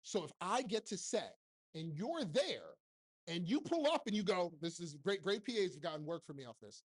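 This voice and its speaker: A man in his forties, a keynote speaker and TV producer, gives a blunt, joking motivational talk on stage, firing rhetorical questions at a live audience through a handheld mic. His voice is high and sing-song with a breathy edge, at a moderate pace.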